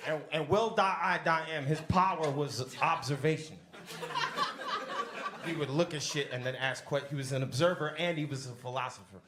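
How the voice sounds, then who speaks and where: Profane young comic in an echoey basement club. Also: male voice, a little high, moderate pace, background noise. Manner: loose, rambling, profane delivery. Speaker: stand-up comedian. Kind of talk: stand-up set with crowd work. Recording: echoey club room, audience laughter.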